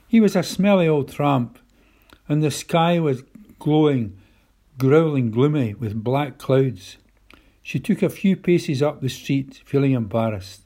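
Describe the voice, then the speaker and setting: A man reading a children's story aloud in a calm, measured way. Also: medium pitch. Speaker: narrator.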